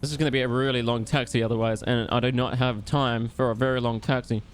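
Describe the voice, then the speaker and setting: A man's voice: medium pitch, fairly even intonation, fast, slight background noise. A man streaming a flight simulator, commenting brashly to himself and swearing a lot. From Australia. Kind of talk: live flight-sim gameplay commentary.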